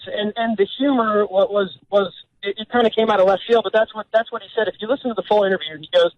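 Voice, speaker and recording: Male radio caller with a high voice, earnest and stammering, heard over a dull dry phone line. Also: quick pace, hardly any pauses, dry recording. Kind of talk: radio call-in.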